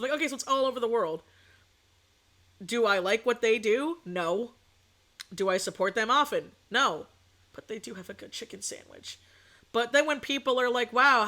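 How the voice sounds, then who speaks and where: A young woman chats on her stream in a bright, higher voice, outspoken and animated as she tells a story. Her throat is sore, but she keeps talking bluntly and casually. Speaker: VTuber streamer. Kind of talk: casual chat.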